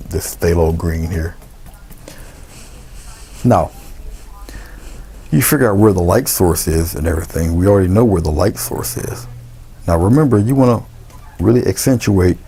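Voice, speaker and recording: A man giving a relaxed, unscripted painting lesson, talking through each step with fillers and restarts. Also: deep voice, vocal fry, slight background noise. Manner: relaxed, thinking aloud with many fillers and restarts. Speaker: painting instructor. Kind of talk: casual painting tutorial.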